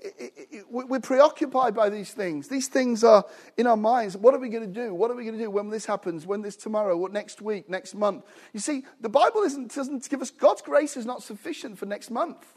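A British man preaching in a noticeably high voice, lively and animated. He calls out to the congregation for responses and slips in humorous asides. He is a middle-aged visiting preacher. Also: a little fast. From United Kingdom. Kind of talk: sermon.

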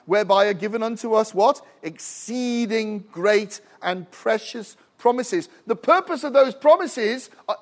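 A middle-aged man preaching a sermon with passion, telling stories and calling out to the congregation for an amen. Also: very high voice. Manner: impassioned, rising to shouts with frequent "Amen?" calls.

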